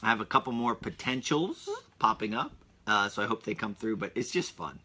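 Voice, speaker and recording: A man's voice: fairly low pitch, expressive, brisk, bright, forceful tone, slightly rough. A man hosting his own podcast, rambling in a casual solo chat full of asides and restarts. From Pennsylvania. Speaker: podcast host.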